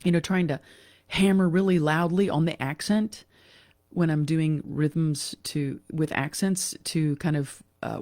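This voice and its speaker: A woman giving a casual online piano lesson, talking in a relaxed, chatty way with fillers and self-corrections. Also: low voice, dry recording, clean studio sound. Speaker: piano teacher. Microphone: computer mic during a screen share.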